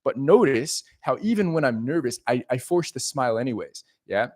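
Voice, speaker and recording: A man giving an animated, profane casual monologue as a dating coach. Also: medium pitch, moderate pace.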